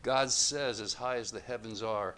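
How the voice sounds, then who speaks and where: Low-voiced preacher guy, bright forceful tone, measured emphatic sermon. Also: a little hiss or hum. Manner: measured, emphatic contrasts, rising louder on quotes.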